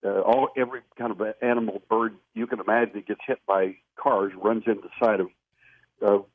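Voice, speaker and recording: Low-voiced male interview guest calling in on a dry, phone-like line; earnest, emphatic storyteller. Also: steady tone, fairly quick, dry recording. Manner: earnest, emphatic anecdotal telling.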